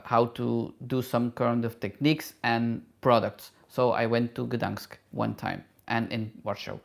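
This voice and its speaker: Slow-talking man hosting a live Q&A. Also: medium pitch. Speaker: travel vlogger and hairdresser answering viewer questions. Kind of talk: live Q&A, casual chat.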